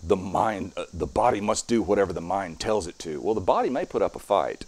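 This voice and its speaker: A man's voice: low voice, very animated, brisk, darkish tone, husky. A middle-aged strongman guest talking casually in an interview, explaining his methods step by step as he demonstrates.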